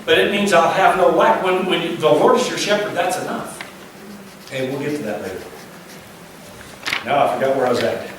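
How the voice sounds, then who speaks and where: A man's voice: on the high side, brisk, long pauses, fairly bright tone. A male pastor preaching a sermon in a conversational way, often checking in with "all right?" and asking rhetorical questions, recorded from a distance in a church. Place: church sanctuary. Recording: echoey church hall from a distance, faint noise.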